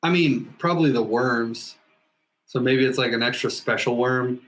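A man's voice: medium pitch, normal speed, fairly bright tone. A man co-hosting a casual podcast, reacting playfully and joking as the story is read to him. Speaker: podcast co-host listening. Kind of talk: casual chat.

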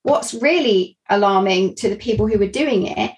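A woman's voice: mid-range voice, normal speed, rough recording. A woman, candidly telling her own story as a guest, earnest and reflective. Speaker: guest sharing a personal story.

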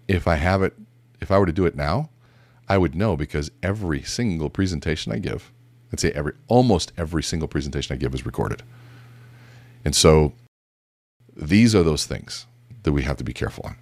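A middle-aged man with a deep voice gives a conversational motivational talk on leadership while seated indoors. He's direct and emphatic as a business speaker, mixing in casual asides and stories. There's no echo in the recording.

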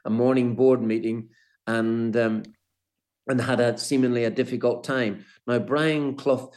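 Older man, interview guest, middle pitch, halting, repeats words. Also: steady tone, a little mellow. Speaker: former footballer, guest. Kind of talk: interview, storytelling.

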